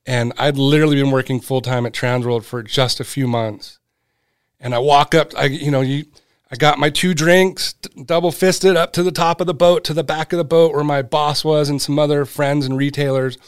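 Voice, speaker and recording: A man's voice: a little high, moderate pace, clean tone, no room sound, studio quality. A middle-aged man, guest on a podcast, telling a story casually and acting out the voices of the people in it. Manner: animated, acts out quoted voices. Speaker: guest, brand cofounder.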